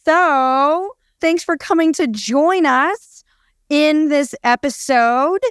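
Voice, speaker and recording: A woman co-hosting a casual podcast, talking playfully in quick bursts and repeating her phrases. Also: high-pitched, no echo, studio quality. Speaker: podcast co-host. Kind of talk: casual conversational podcast chat.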